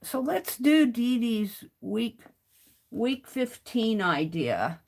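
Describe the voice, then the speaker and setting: Woman, gravelly, slow-paced, crafting livestream host, muttering to herself, faint hiss behind. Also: on the high side, very animated. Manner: slow, muttering to herself while working, greets chat warmly. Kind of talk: casual crafting livestream chat. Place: home craft studio.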